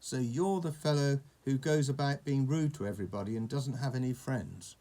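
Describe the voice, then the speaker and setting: A regal goblin king who hands down judgment slowly and grandly, as a man reading a storybook puts him on. His voice is gravelly and a touch raised, measured and lecturing. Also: mid-range voice, mellow, close to an everyday voice. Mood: stern.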